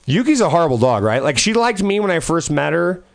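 A man's voice: a little high, creaky. A man in casual chat, telling loose stories with lots of swearing and laughter. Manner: rambling storyteller, swears a lot, laughs often.

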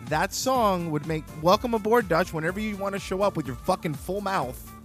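Animated, joking male comedy podcast host. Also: high voice, normal speed, soft background music. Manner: joking, rambling, self-interrupting. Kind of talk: crude comedic banter.

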